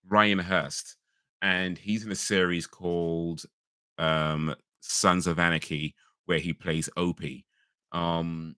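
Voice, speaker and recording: Deep-voiced man chatting casually on stream. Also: sharp tone, dry recording, clean studio sound. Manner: rambling, frequent restarts and fillers, laughs easily. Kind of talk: casual live-stream chat.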